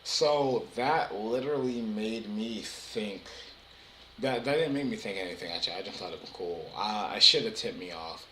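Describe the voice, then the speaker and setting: A man's voice: fairly low pitch, moderate pace, pushed and bright, echoey room, a little hiss or hum, poor audio. A young man giving a casual, rambling recap of a TV episode, full of fillers and restarts. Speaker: TV episode reviewer.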